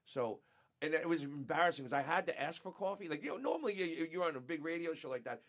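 A man from upstate New York, a former radio show staffer, telling profane, animated stories as a guest in a casual chat. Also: on the high side, fast talker. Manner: profane, animated, laughing, acts out quotes.

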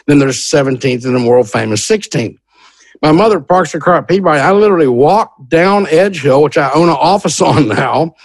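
A man tells his own story in a loose, animated flow, circling back and restarting his sentences as he goes. His voice sits a little higher than most men's. The recording is dry, with no room echo. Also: normal speed. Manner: animated, many restarts and repeats "literally". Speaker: songwriter telling his story. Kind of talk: casual storytelling.

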